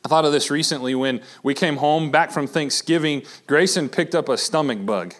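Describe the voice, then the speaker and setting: Guy pastor in his 30s giving a sermon, kinda highish voice, talks casual w/ lots of uhs and restarts. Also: moderate pace. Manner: conversational, lots of fillers and restarts; acts out quoted lines with shifting inflection.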